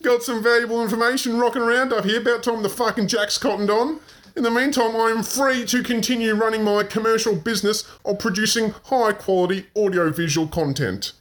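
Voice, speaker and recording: A man playing a gruff, foul-mouthed, menacing crooked uncle in a comedy podcast sketch. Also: sits high, a little fast, a bit bright. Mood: boisterous. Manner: gruff, swearing, threatening.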